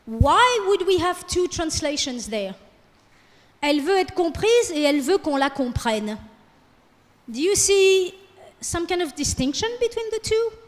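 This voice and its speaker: Her very high, sing-song voice unhurried, a woman gives a French lecture in a classroom that carries long hall reverb. She switches back and forth between English and French and coaxes her students with questions.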